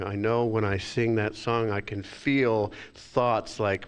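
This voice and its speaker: A man's voice: lowish voice, fairly even intonation, takes it slowly, few pauses, clean tone. A male minister giving a reflective sermon, sometimes acting out inner thoughts with sighs.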